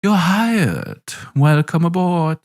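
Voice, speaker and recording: A chipper, vapid old woman general with a bright sing-song lilt, as a man puts her on. The voice climbs high and bounces all over, with a gravelly edge underneath. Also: wildly swooping pitch, slow, full character voice. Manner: cheery, chipper.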